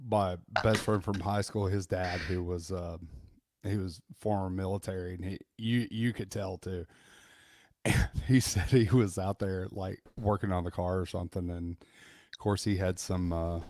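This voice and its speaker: A man co-hosts a loose live-stream chat, griping and cracking jokes with ready laughter. His voice is low, and the sound is close and dry. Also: fairly even intonation, a little slow, a little mellow, no room sound. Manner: griping, joking, laughs often. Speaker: co-host.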